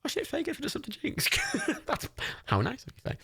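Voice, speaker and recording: Young adult streamer, casual chat, swears and laughs a lot, hugely lively pitch, dry close sound. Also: quick pace, gravelly, dry recording. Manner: swears freely, laughs often, excitable. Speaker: streamer hosting a film watch party. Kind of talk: casual livestream chat, reading out chat and gifts.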